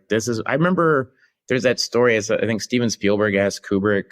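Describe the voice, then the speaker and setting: A middle-aged actor guest on a podcast, telling animated stories with quick restarts. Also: male voice, fairly low pitch. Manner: animated storytelling with restarts and laughs. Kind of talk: podcast interview anecdote.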